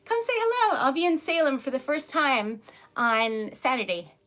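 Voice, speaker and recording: A young woman with a Rhode Island accent, a poet and craft seller, chats casually with viewers on her livestream in a high-pitched, sing-song, fairly bright voice at a moderate pace. She's giggly and easily sidetracked.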